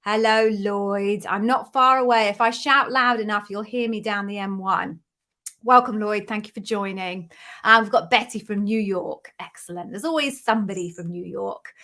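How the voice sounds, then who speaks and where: In her medium-pitched, slightly bright voice, an interview coach from the United Kingdom runs a casual livestream Q&A, bubbly and talkative as she welcomes viewers by name.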